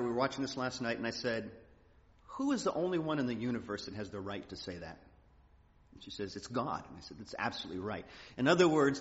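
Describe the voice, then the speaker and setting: Earnest pastor in a muffled hall. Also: male voice, mid-range voice, a bit bright. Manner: folksy, earnest, with acted-out quotes. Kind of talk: conversational sermon.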